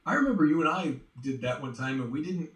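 A man being interviewed as a voice actor, telling stories in an animated way and slipping into quick impressions. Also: a little high. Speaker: voice actor guest. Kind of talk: casual interview chat. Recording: roomy, distant from the mic.

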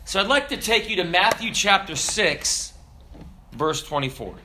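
Man, pastor, sermon, slightly high pitch, bright tone, emphatic, humorous asides. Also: expressive, a little slow, a little hiss or hum.

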